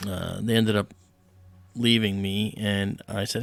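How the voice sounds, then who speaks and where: Soft music plays in the background as a livestream host slowly tells a personal story in a fairly low, creaky voice, with no room sound. He's casual yet animated, voicing the people he describes.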